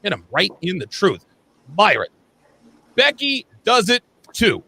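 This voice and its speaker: A man hosting a livestream panel, reading viewer super chats aloud and quick to laugh. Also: sits high, wildly swooping pitch, pushed and bright, husky. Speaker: host.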